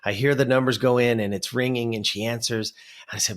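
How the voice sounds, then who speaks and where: A man's voice: medium pitch, brisk. A man in his fifties from Southern California, a life coach on an interview show, vividly telling a personal story. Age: 50s. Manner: animated storyteller who acts out his memories.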